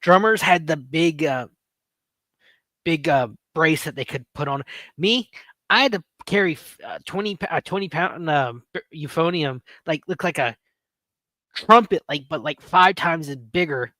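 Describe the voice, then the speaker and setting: A man's voice: on the high side, unhurried, pushed and bright, no room sound. A man in his late thirties hosting a livestream, telling rambling stories and joking with his chat. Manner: rambling, storytelling, playful with chat. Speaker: livestream host. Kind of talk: casual livestream chat with viewers.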